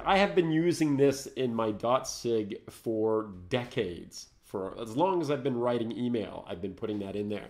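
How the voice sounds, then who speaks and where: A chatty man hosts a live screencast lesson with a middle-pitched voice, thinking aloud as he clicks through each step. He rambles and cracks jokes at his own slips. He also breaks off to greet viewers by name. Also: lively intonation, moderate pace, hardly any pauses, a little mellow. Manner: jokey, rambling, thinks aloud while typing; greets and toasts viewers in the chat. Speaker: host of a live Linux tutorial show.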